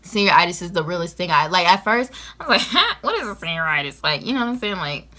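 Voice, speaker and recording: A late-teen girl from Georgia vlogs casual advice straight to the camera, lively and full of "you know what I'm saying." Her voice sits on the low side and she talks fast.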